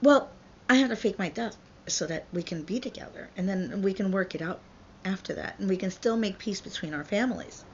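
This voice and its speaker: A woman's voice: medium pitch, fairly quick, a little hiss or hum, close to an everyday voice. A woman voicing a melodramatic fourteen-year-old girl who gushes and frets, in a dull lo-fi recording. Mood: frantic. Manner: gushing, breathless and melodramatic.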